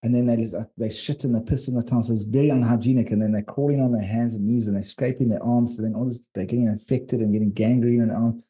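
A South African man recounts his travels in a loose, rambling way, with lots of restarts. His voice is very dark and mellow, sitting at an ordinary pitch. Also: fast talker, few pauses. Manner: rambling, animated storytelling. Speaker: podcast co-host and documentary filmmaker. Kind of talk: casual storytelling chat.

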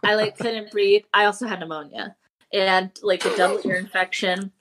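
A woman co-hosting a casual horror film chat, her voice sitting at an ordinary middle pitch. She tells stories in a gushing, animated way, full of enthusiasm. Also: normal speed, background noise. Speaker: podcast co-host.

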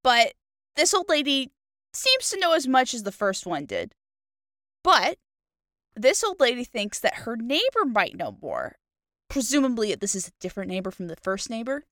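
A woman co-hosting a podcast who retells a fairy tale in a playful, animated way. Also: on the high side, normal speed, dry recording, studio quality. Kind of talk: casual chat and story narration.

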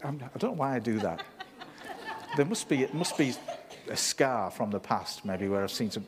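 Guy preaching, chatty and animated, mid-pitched voice. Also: fairly quick, a little hiss or hum. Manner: conversational, animated preaching with asides. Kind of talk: sermon.

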